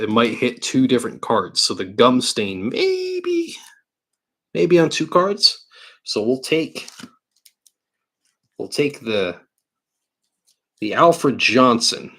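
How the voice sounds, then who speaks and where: A man's voice: medium pitch, very animated, slow pace, pauses often, a bit bright. A man from New York hosting a live card-break stream, chatting casually and thinking aloud while he opens packs. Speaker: livestream card-break host. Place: indoor card-break studio.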